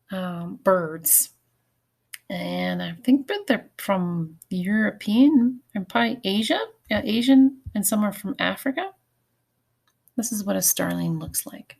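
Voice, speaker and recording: A woman teacher giving a recorded phonics lesson, patient and clear, walking through each step. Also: mid-range voice, unhurried, a little mellow.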